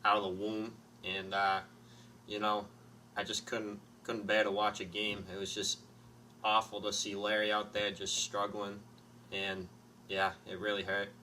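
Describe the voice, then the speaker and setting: A man talking as an interviewed sports fan, subdued and halting. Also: lowish voice, completely flat delivery, sharp tone, slight background noise. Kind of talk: casual mock interview. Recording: distant mic with faint ambience.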